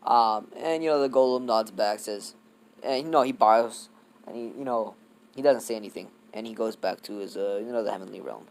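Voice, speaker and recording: Speaking at medium pitch and a moderate pace, a young man who tells stories on YouTube makes up fan fiction on the fly. He rambles, curses, and uses lots of fillers.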